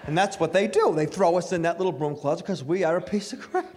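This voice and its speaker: A man's voice: high voice, quick pace, a little mellow. A middle-aged man doing a stand-up comedy set on stage, self-mocking and chatting with the crowd. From Italian-American family.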